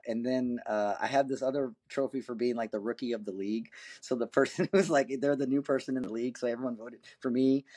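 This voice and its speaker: Rambling man telling a story. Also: medium pitch. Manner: rambling, full of fillers and restarts; lively, acts out quoted voices. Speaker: podcast guest, competitive axe thrower. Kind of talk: casual anecdotal storytelling.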